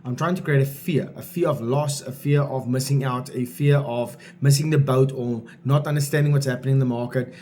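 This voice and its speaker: A man's voice: mid-range voice, fairly even intonation, fairly quick, few pauses, mellow, slight background noise. A man coaching salespeople in a blunt, informal way, driving each point home with repetition. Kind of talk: direct-to-camera coaching talk.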